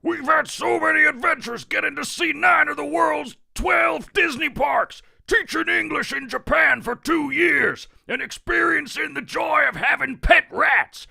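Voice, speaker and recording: Here is a macho pro wrestler, reading a letter at a full shout. The voice is pushed far above its usual pitch, rough and gravelly, with grunting power behind it. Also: male voice, sing-song, fairly quick, few pauses, no room sound, heavily acted. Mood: bellowing. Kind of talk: reading a letter aloud in character.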